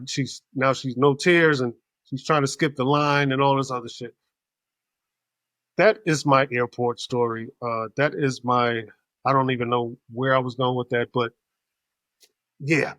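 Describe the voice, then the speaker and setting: A man hosting a podcast, telling a casual story in an animated, profane way. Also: mid-range voice, a little slow, no echo. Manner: animated, profane, acts out other people's voices. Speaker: podcast host.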